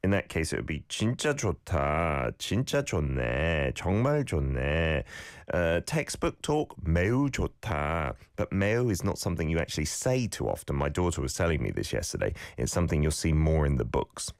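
A middle-aged man with a very low voice that still swings widely in pitch, explaining pronunciation in a casual, chatty lesson. The sound is dry and close, with no room echo. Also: very animated, fast. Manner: chatty, explanatory, reads out viewer comments. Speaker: language teacher and host.

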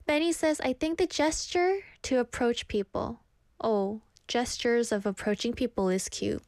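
A woman's voice: on the high side, measured pace, no echo, studio quality. A young woman hosting a casual stream, chatting with viewers, reading their comments aloud and telling self-deprecating stories. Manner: animated quoted voices in stories. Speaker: streamer host reading chat.

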